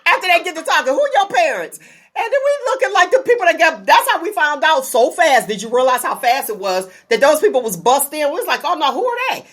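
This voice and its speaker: A woman's voice: high-pitched, fairly quick. A woman from Youngstown, Ohio, hosting a casual chat, telling stories animatedly and acting out voices. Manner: animated storytelling, acting out voices, laughing often. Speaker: podcast host.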